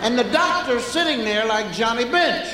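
A man doing stand-up storytelling on stage, drawing out his timing and breaking into loud chants and shouts. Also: very high-pitched, animated, normal speed, very noisy. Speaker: stand-up comedian. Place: large hall with a live audience. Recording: echoey hall, live stage recording.

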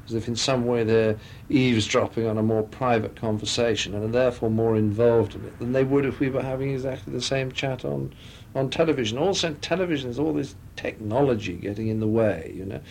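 A man's voice: medium pitch, brisk, creaky, darkish tone, slight background noise. A man talking as a guest in a radio interview, telling chatty anecdotes into a studio microphone.

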